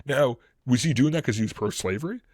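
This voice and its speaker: A man's voice: mid-range voice, fast talker, breathy edge, no echo, clean studio sound. A man with a Boston accent, co-hosting a history podcast and explaining events casually, with many fillers and restarts. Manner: rambling with many fillers and restarts, animated when quoting.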